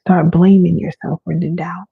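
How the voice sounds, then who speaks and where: A woman hosting a live self-help session, talking slowly and soothingly as she guides breathing. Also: fairly low pitch, flat delivery, gravelly, husky, no echo. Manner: slow, soothing, coaching. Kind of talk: live-streamed guided wellness talk. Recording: dry tinny phone-like sound.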